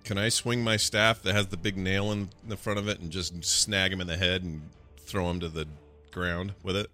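A man's voice: low voice, little pitch movement, normal speed, sharp tone, soft background music. A man playing a tabletop game, chatting casually and thinking aloud as he works out his rolls. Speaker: player.

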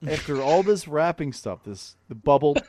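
A man co-hosting a podcast, telling stories excitably and with plenty of swearing in casual banter. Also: fairly high pitch, normal speed, slight background noise. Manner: profane, excitable storyteller. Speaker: podcast co-host.

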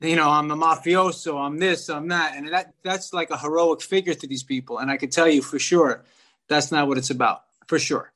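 A man's voice: fairly high pitch, steady tone, fairly quick, bright, forceful tone. A man from the Bronx, a guest on a podcast, talking bluntly and with strong opinions. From the Bronx, New York. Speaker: guest, actor and filmmaker. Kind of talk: casual podcast chat.

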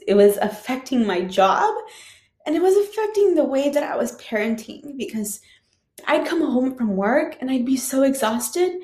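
A woman's voice: a little high, a little mellow. A woman who is a teacher, casually telling a personal story with lots of fillers. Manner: chatty, frequent "like" and "um" fillers. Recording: roomy echo.

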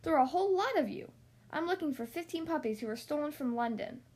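A woman voicing a brave male farm cat with a brisk, commanding military manner. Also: high voice, expressive, a little mellow. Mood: urgent.

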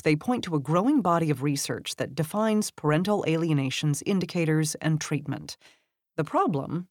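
A woman giving a measured, scripted narration of a long magazine article, lifting her voice when she reads quoted lines. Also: sits low, no room sound, clean studio sound.

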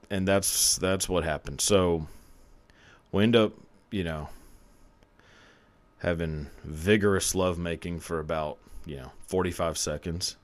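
A man's voice: deep voice, fairly even intonation, measured pace, pauses often. A man telling a confessional story on his podcast in a casual, rambling way, swearing freely and laughing often. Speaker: podcast host.

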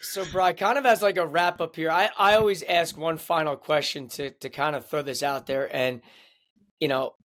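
Higher-voiced podcast host man. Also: steady tone, normal speed, fairly bright tone, no echo, studio quality. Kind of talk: casual podcast chat.

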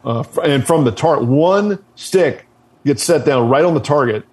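A man's voice: on the high side, lively intonation, unhurried, a little mellow, husky. A man, a military veteran, telling a war story in a blunt, casual way, swearing freely and restarting his sentences often.

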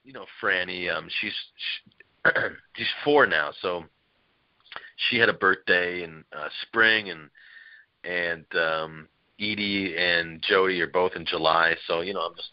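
In an unhurried, low voice, a man on a podcast spins rambling family anecdotes, laughing often as an animated storyteller in casual conversation. There's no echo, though the sound is dull.

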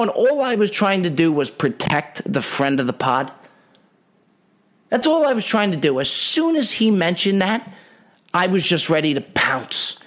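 A podcast host spins a comic story about himself. He rambles and is wry, in a voice pitched a bit higher than most men's. The delivery is loose and animated. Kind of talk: comedic storytelling monologue.

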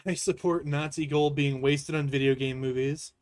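Young man joking crude, higher voice. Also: steady tone, normal speed. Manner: crude, joking, laughs often. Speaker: podcast co-host. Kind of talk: casual review chat.

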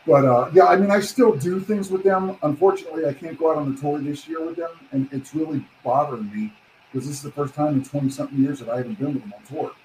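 A man's voice: on the high side, quick pace, reverberant, slight background noise, low-quality recording. A man, a guest on a chat show, telling stories casually and acting out what others said. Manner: animated storyteller, acts out quotes, swears casually. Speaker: guest, pro wrestler.

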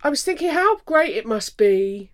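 A woman's voice: sits high, sing-song. Reflective middle-aged woman actor. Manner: reflective, halting with restarts. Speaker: guest, actor. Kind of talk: casual interview chat.

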